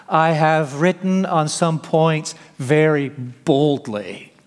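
A man's voice: fairly high pitch, takes it slowly, big-room sound. A man preaching an expository sermon, emphatic, sometimes paraphrasing the apostle in the first person.

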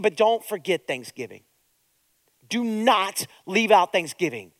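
A middle-aged man preaching a sermon as a pastor, moving between quiet, hushed prayer and loud, urgent exhortation. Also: sits high, animated, unhurried, dry recording. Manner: preaching with strong swings between soft prayer and loud urging.

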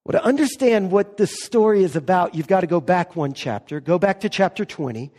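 A man preaching a sermon as pastor, stressing key words slowly and with emphasis. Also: sits high, expressive, darkish tone, in a large hall.

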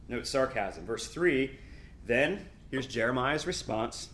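A middle-aged man with a medium-pitched voice teaches a Bible lesson. He reads scripture aloud in an emphatic, animated way, tossing in quick asides.

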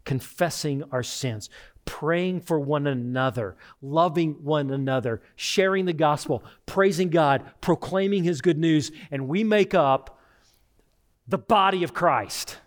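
A man's voice: a little high, unhurried. A middle-aged man, a pastor, preaching a sermon in an earnest, direct way with repeated phrases.

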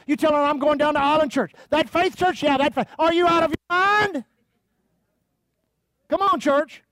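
A male pastor preaching with fervor and calling out to his congregation. His voice sits very high for a man. The sound is dry, with almost no room echo. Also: a bit bright. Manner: fervent, calls out to the congregation; reads scripture aloud. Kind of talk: sermon.

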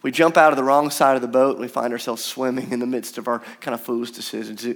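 A young man preaching a sermon in a conversational, animated way, acting out the quotes he tells. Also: medium pitch, fast. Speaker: pastor.

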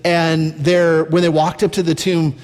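A man preaching a sermon as a pastor, conversational and slowing down on key points. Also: a little high, little pitch movement, a little mellow. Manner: conversational preaching, slows down for emphasis. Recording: long reverb from a large hall. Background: faint music.

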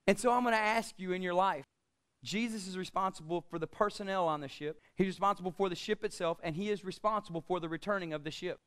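A male pastor with a strikingly high voice preaches, building to loud, emphatic declarations before dropping into quieter, joking asides. His tone is smooth and resonant, and he quotes scripture with rising force. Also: fast. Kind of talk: sermon.

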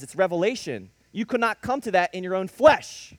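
Animated high-pitched male preacher. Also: moderate pace, hardly any pauses, dry recording. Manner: animated preaching with storytelling and sudden emphatic rises. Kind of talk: sermon.

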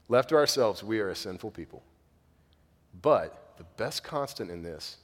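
A man in his thirties preaching a sermon earnestly, acting out the voices he quotes. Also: mid-range voice. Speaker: pastor. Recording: long hall reverb.

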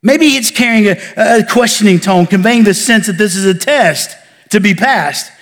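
A man pastor preaching a sermon, building emphasis and then falling to soft near-whispers. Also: sits high, animated, normal speed, in a large hall. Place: church sanctuary.

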